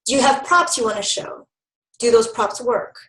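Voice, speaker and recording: A woman's voice: a little high, normal speed, a bit bright, echoey room, low-quality recording. A woman giving an online training talk to new health educators, upbeat and instructive, with frequent ums.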